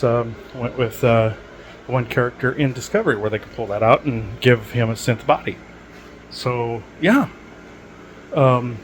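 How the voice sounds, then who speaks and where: A man's voice: medium pitch, poor audio. Rambling man with a faint hum behind. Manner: rambling, digressive, many fillers. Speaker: podcast host. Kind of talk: rambling casual monologue.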